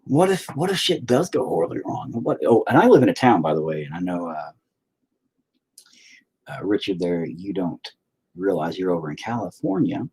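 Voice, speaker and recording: At home indoors, a young man with a low, slightly rough voice chats on a livestream at normal speed while working on a painting. He's animated, rambles, and swears freely.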